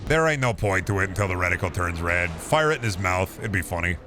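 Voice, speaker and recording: A man's voice: deep voice, animated, fast talker, over music. A young man casually commenting on a game he is playing, joking, swearing freely and rambling to his chat. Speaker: streamer.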